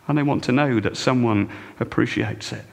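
A male pastor preaching a sermon with wry, expressive delivery that swings from hushed to emphatic. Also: mid-range voice, moderate pace, creaky, big-room sound.

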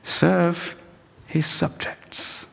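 A male pastor preaching a sermon with wry, expressive delivery that swings from hushed to emphatic. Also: on the high side, drawn-out words, gravelly, breathy edge, big-room sound.

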